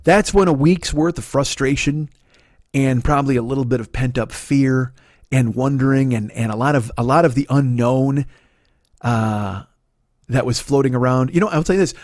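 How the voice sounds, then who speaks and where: A man's voice: mid-range voice, dry recording, clean studio sound. A man, a comedian telling a long, profane story that builds into ranting. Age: 40s. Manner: profane, ranting retelling with shouted quotes. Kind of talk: storytelling monologue.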